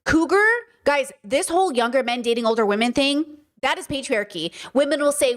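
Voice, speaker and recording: A woman with a high voice hosts her own show and reacts to clips out loud. She talks bluntly and heatedly, swearing freely as she argues her point. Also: expressive, brisk. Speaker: podcast host reacting to clips. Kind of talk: casual commentary.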